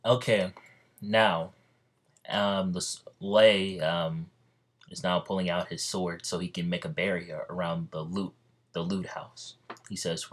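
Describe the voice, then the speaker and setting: A man's voice: low-pitched, fairly even intonation, a little slow, fairly bright tone. A man casually retelling an imagined story, rambling with many ums and restarts. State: slightly out of breath. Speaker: fan narrating an imagined crossover story.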